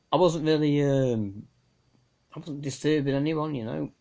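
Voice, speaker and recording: A man's voice: fairly high pitch, measured pace, vocal fry, mellow. A man, talking casually to a phone camera in a rambling, exasperated, chatty way. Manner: rambling, exasperated, chatty with frequent "you know". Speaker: amateur radio vlogger.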